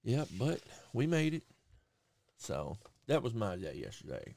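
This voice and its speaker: Here a male podcast host with a medium pitch and vocal fry speaks a little slowly. His story is casual and profane, told with animation as he acts out the quotes.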